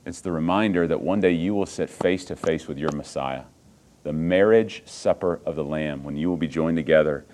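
A pastor with a very low voice delivers a sermon. He drops to a quiet hush, then climbs into loud, emphatic preaching and throws rhetorical questions at his congregation. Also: normal speed, a little hiss or hum.

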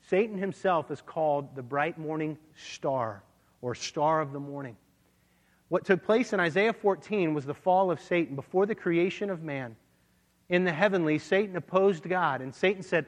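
A man's voice: a little high, moderate pace. A man preaching a sermon, teaching verse by verse and reading scripture aloud. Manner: expository Bible teaching, reads scripture aloud. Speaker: pastor. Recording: long hall reverb.

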